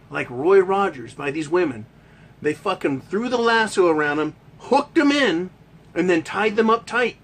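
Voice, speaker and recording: Male host, high-pitched voice, swearing constantly and firing rhetorical questions in a heckling rant. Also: a bit bright. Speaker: podcast host. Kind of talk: ranting monologue.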